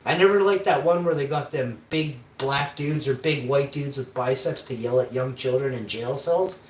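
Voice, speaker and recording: A man on a casual livestream, cooking in his kitchen and swearing constantly as he rants, with sudden loud outbursts. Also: mid-range voice, moderate pace. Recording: roomy with faint background hum.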